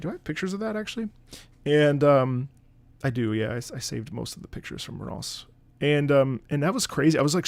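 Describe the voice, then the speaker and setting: A man's voice: mid-range voice, no echo. A man who streams and sings opera, telling a rambling story in casual chat with his audience, with lots of swearing and filler words.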